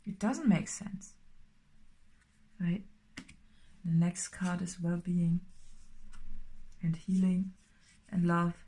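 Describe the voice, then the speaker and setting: Woman, lowish voice, casual tarot reading, rambling, lots of fillers, drops into soft whispers. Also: level tone, slow pace, pauses often, breathy edge. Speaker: tarot reader.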